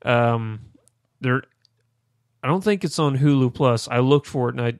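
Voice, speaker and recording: A young man hosting a podcast, his voice smooth and resonant, recorded dry and close. He chats loosely with his co-hosts, joking around before settling into an easygoing review. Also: medium pitch, a little slow, dry recording. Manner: relaxed, joking, gives reviews. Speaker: podcast host. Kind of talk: casual podcast chat.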